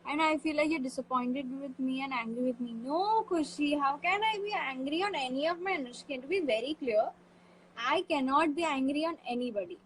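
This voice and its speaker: A woman's voice: high-pitched, fairly quick, a little hiss or hum, poor audio. A woman hosting a casual live stream, chatty and upbeat, reading fan comments aloud into a phone.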